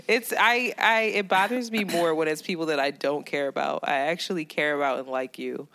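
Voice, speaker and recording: Bright-voiced woman in lively banter. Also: sits low, fairly quick. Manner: animated, laughs often, quotes people in voices. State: overworked, on edge. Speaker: podcast co-host. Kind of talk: casual banter.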